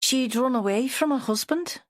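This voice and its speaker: A woman's voice: high voice, moderate pace, no echo, clean studio sound, voice pushed up, natural voice. A woman reading an audiobook, voicing an anxious, devoted Liverpool husband with a weedy voice. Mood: worried.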